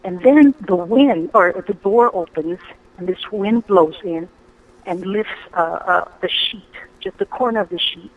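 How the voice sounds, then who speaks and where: A woman caller telling a ghost story on a radio call-in show, lively and full of ums and restarts. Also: medium pitch, a little slow, phone-quality sound. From Hawaii. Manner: animated storytelling, acting out her own quoted lines; hesitant, frequent ums and restarts.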